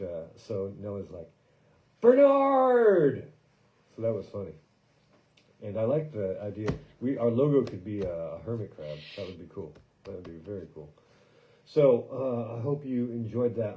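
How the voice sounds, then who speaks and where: A man's voice: on the low side, warm tone, low-quality recording. A man hosting his own podcast in a casual, rambling monologue, joking and poking fun at himself, with loose fillers, recorded indoors in a workshop studio. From lives in Paris. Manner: jokey, self-mocking, loose with fillers. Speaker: podcast host and musician.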